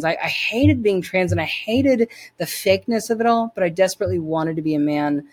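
A woman with a fairly low voice, appearing as an interview guest, shares her personal faith testimony. She speaks earnestly and emphatically, repeating phrases to give them weight.

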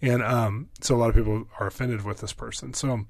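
A pastor being interviewed, telling stories in an excitable way with many fillers and quick bursts. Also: male voice, medium pitch, gravelly, no room sound. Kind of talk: animated storytelling.

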